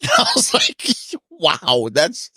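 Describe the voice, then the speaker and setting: Male podcast host, animated laughing storyteller, mid pitch, dry close sound. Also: normal speed, no room sound. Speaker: podcast host and boxing gym coach. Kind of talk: casual podcast chat.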